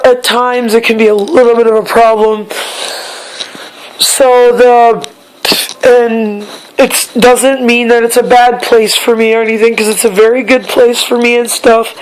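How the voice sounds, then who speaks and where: A young woman, a bit hoarse, talking in a casual personal vlog, halting and repeating herself as she searches for words. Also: fairly high pitch, low-quality recording. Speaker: vlogger.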